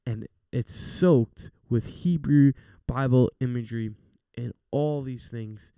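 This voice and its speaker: A man's voice: mid-range voice, slow, creaky, dark tone, clear, resonant tone, no echo, clean studio sound. A young man hosting a casual faith talk show, speaking in an earnest, chatty, encouraging way. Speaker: podcast host.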